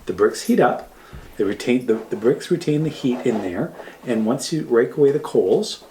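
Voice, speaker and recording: Lively, chatty man at home. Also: mid-range voice, moderate pace, slight background noise. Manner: chatty, easily distracted, laughs often. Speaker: podcast co-host. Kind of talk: casual chat.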